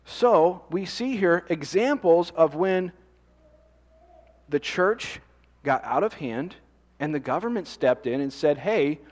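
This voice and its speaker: A man's voice: a little high, lively intonation, slow pace, pauses often, darkish tone, in a large hall. A man preaching a sermon in a conversational way, often asking the congregation questions. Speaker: pastor.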